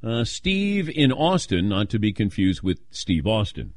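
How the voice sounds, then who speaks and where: A man's voice: fairly low pitch, a little slow, no echo, studio quality. An older man hosting a talk radio show, chatting casually and telling stories with playful quoted voices. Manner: animated storytelling, playful voices when quoting.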